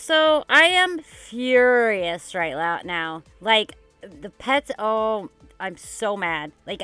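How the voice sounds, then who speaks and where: A woman vlogging her gameplay casually, excitable and dramatic, rambling with lots of "like". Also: a little high, no room sound. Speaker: gaming YouTuber. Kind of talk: casual game commentary vlog.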